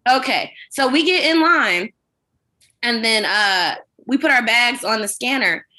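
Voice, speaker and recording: A woman co-hosting a podcast, telling a long, animated, rambling anecdote in casual chat with plenty of swearing. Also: a little high, unhurried. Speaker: podcast co-host.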